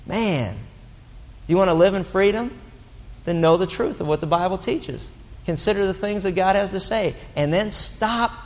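Man, pastor, high voice, blunt, animated sermon, long hall reverb.

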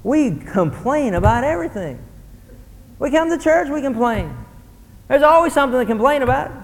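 Animated preacher man in a reverberant hall. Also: very high-pitched, moderate pace. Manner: animated, mimics grumbling voices. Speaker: pastor. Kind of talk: sermon.

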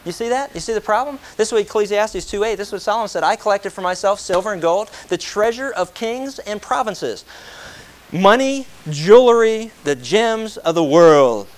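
A man preaching a sermon, animated and joking, firing rhetorical questions at his congregation. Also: high-pitched, moderate pace, a little hiss or hum. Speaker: pastor.

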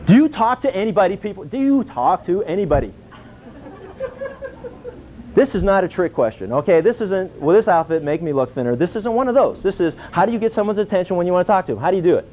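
A man teaching a Bible class in an animated sermon style, acting out dialogue and asking his listeners questions. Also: high voice, fast, a little hiss or hum. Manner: animated, acts out dialogue, asks the audience questions. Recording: tinny phone-like lo-fi recording.

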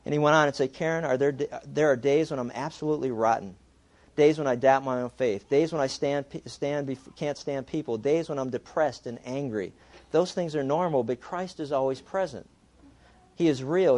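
A man's voice: medium pitch, moderate pace, darkish tone. A male pastor delivering a sermon in a loose, conversational way. He slips into acted voices to play out the people in his examples and in the story he reads. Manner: conversational preaching, acts out voices when reading a story aloud.

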